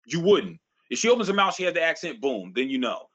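Lively, emphatic ranting man. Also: a little high, fast talker. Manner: emphatic, ranting, profane, repeats phrases for force. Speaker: podcast host. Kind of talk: casual podcast conversation.

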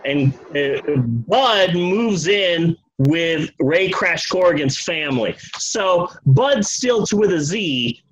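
A man's voice: sits high, expressive, takes it slowly, few pauses, husky, rough recording. A man casually telling a comic history story, loose and profane, slipping into the voices of the people in it.

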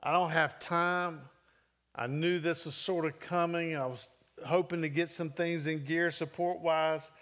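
A man's voice: fairly high pitch, steady tone, normal speed. A middle-aged man preaching a sermon, telling a personal story with emotion and earnest emphasis. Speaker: pastor.

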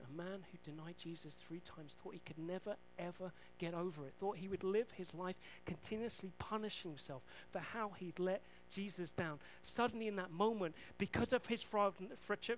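A male preacher retells scripture scenes in a lively storytelling manner, breaking off for joking asides about himself. His voice is high for a man. A faint hum runs under the recording. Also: moderate pace, few pauses, poor audio. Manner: storytelling, animated, self-deprecating asides. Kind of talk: sermon.

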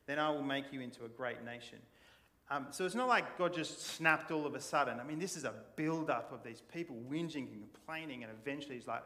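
A man preaching a sermon, telling the story in a casual, animated way and acting out the people in it. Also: fairly high pitch, normal speed. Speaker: pastor. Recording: long church hall reverb.

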